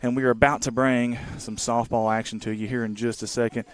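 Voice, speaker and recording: A man in his thirties giving casual, rambling live play-by-play of a softball game from the field outdoors. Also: medium pitch, level tone, a little fast. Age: 30s. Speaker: sports webcaster.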